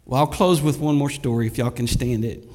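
A man's voice: mid-range voice, fairly quick, dark tone. A man, preaching a sermon and telling stories with lots of repetition for emphasis. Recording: echoey hall.

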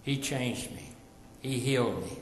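A man's voice: mid-range voice, a little slow, reverberant, big-room sound, slight background noise, voice pushed down, close to an everyday voice. A man voicing Lazarus, a man raised from the dead, inside a sermon. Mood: awed.

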